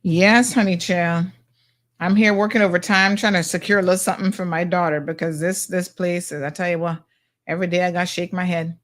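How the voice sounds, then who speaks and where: A woman's voice: lowish voice, steady tone, a little fast, a bit bright. A middle-aged woman hosting a talk show, blunt and sassy as she reacts to viewer comments.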